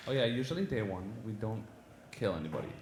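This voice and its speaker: A man playing in a live party game, talking in animated, defensive banter. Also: on the low side, fast, slight background noise. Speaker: game player. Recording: echoey room, crowd behind.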